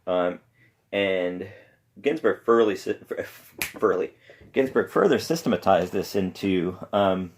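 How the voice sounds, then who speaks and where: Deep gravelly man, rambling podcast talk. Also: animated, a little hiss or hum. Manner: rambling, halting with many pauses. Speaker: podcast host. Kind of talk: casual solo talk on poetry. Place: home room with pets around.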